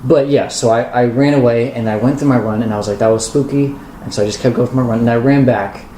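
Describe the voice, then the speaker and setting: A young man co-hosting a casual podcast, rambling through an anecdote with frequent stammers and restarts. His voice sits mellow and dark. The room is echoey with faint background noise. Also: medium pitch, fairly even intonation, fast. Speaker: podcast co-host. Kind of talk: casual chat.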